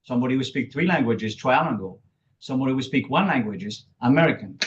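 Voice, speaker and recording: A man's voice: mid-range voice, expressive, fast talker, slight background noise. A man with a French accent, whose first language is French, chats as a guest on an interview show. He chuckles often, restarts his sentences and bends English grammar. The recording sounds a little dull and lo-fi. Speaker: guest, public speaking coach. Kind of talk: casual interview talk.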